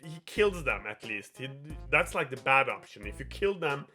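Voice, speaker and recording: A man's voice: medium pitch, very animated, normal speed, bright, forceful tone, soft background music. A young man hosting a show, retelling a game plot in a rambling, profane, giggly way. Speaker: host.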